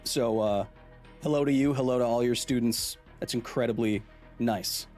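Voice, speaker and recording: A man's voice: mid-range voice, moderate pace, a little mellow, soft background music. A man in his thirties hosting a live stream, chatting casually and jokingly and reading out viewer comments. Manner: playful, joking, reads chat aloud. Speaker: host.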